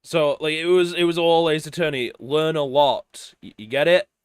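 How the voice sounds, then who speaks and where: Rambling streamer, fairly high voice. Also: male voice, brisk, smooth, no room sound. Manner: rambling, swearing, self-deprecating. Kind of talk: casual commentary while playing.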